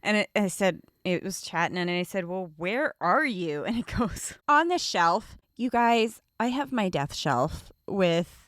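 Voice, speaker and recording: A playful woman co-hosting a podcast, her voice bouncing lively up and down as she banters. The sound is dry and close to the mic. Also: on the low side, measured pace, few pauses, no room sound. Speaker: podcast co-host. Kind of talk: casual chat.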